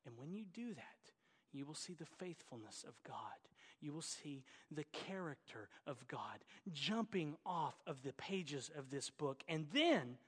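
A man's voice: on the high side, expressive, measured pace, breathy edge, in a large hall. A middle-aged man from Oklahoma with an Oklahoma accent, preaching a sermon in an earnest, exhorting way with folksy asides. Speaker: pastor.

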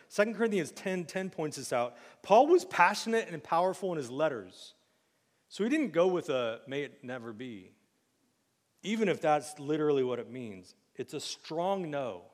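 A man preaching with a slightly high voice, animated and jokey, breaking into loud acted bursts. His voice rings out with long reverb, like a church hall. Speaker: pastor. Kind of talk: sermon. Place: church sanctuary.

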